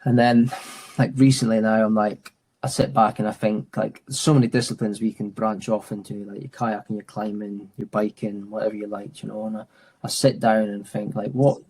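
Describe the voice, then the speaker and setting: A man in his thirties who instructs mountain and adventure training speaks at normal speed in a lowish, level voice that is darkish and breathy at the edges. His interview talk is casual and reflective, peppered with "mate," false starts, and fillers.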